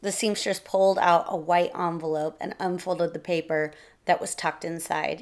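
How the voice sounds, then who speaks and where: A woman narrating a short story in a steady reading voice. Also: fairly low pitch, normal speed, hardly any pauses. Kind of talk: storytelling read-aloud.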